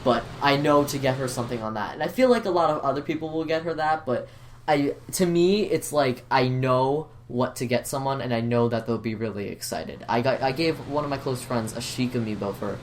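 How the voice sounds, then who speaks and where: A man's voice: mid-range voice, a little fast, a little hiss or hum. A man co-hosting a casual podcast, earnest and apologetic, often stammering and restarting his sentences. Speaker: podcast co-host.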